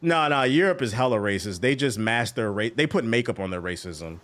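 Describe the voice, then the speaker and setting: A man streaming a game while telling a story casually, animated, swearing and laughing a lot. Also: mid-range voice, fairly quick. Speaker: gaming streamer.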